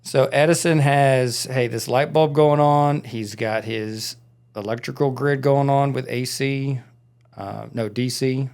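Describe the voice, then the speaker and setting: A man's voice: mid-range voice, fairly even intonation, a little slow, a little mellow. A man co-hosting a podcast, casually telling a rambling story with lots of fillers in a studio. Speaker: podcast co-host. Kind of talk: casual chat.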